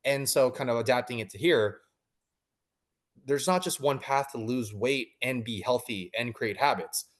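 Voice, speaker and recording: Guy in his 30s rambling about his habits, lots of likes and restarts, mid pitch. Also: moderate pace. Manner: rambling, many fillers and restarts. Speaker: coaching client. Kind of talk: casual interview chat.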